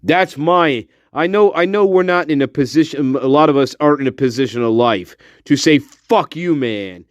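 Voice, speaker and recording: A man's voice: fairly high pitch, brisk, no room sound. A man hosting a casual livestream, talking to his viewers in a profane, emphatic pep talk. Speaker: livestream host.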